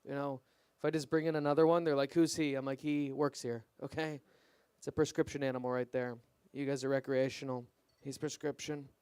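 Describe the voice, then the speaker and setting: A young man performing a stand-up comedy set at an open mic, deadpan and self-deprecating, his punchlines trailing off quietly. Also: mid-range voice, fast talker, few pauses, clear, resonant tone, no room sound. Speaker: stand-up comic.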